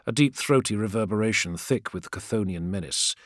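A man narrating a story in a measured, dramatic storytelling manner. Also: fairly low pitch, a bit bright, dry recording, studio quality. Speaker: audiobook narrator. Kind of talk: scripted narration.

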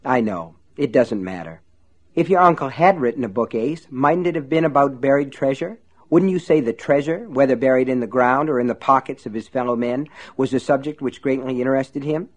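A man reading aloud and voicing a sinister male shopkeeper who speaks in a smooth, amused, reproving way. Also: mid-range voice, fairly quick, natural voice. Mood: musing, sly.

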